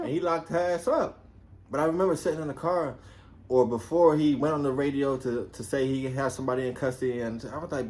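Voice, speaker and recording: A man's voice: mid-range voice, fairly quick. A man who used to be a police officer, telling a story casually, swearing a lot and acting out the voices of people in it. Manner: profane and animated, acts out quoted voices.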